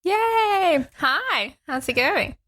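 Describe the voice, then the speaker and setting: A woman's voice: extremely high pitch, animated, very slow, a bit bright. A woman in her twenties from Brazil and London, a podcast guest chatting playfully and laughing often. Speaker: podcast guest, graduate student. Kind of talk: casual podcast chat.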